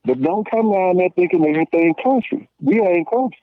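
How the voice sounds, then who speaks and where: A man in his late thirties from Memphis, Tennessee, with a Southern accent, a podcast guest telling stories in a blunt, slangy, animated way with lots of restarts. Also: high-pitched, brisk, no echo. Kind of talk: casual call-in conversation. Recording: tinny dry phone line.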